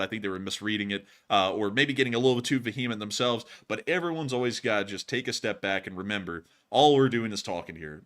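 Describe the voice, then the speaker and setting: A man's voice: medium pitch, sharp tone. A young man co-hosting a live stream, answering a viewer in a rambling way with many fillers and restarts. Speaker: co-host.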